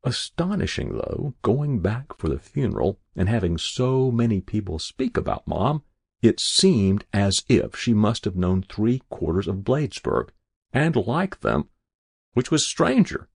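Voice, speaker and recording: A man narrating a story in an expressive, characterful way, with a husky voice. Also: fairly low pitch, a little slow, no echo, clean studio sound.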